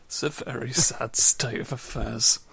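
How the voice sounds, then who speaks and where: A man's voice: mid-range voice, steady tone, unhurried, vocal fry, pushed and bright, husky, no echo. A man in casual chat as a co-host, making wry, dry quips.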